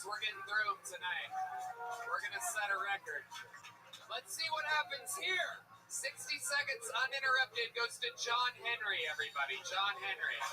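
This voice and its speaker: A man's voice: high voice, far from the mic, rough recording. A man hosting a live comedy show, brash and profane. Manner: brash and profane, scolding crew. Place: live comedy club stage.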